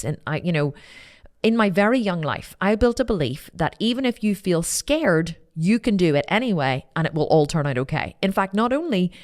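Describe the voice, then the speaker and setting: A woman hosting a podcast, telling a personal story in a candid, animated way, repeating phrases and swearing casually. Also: mid-range voice. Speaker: podcast host.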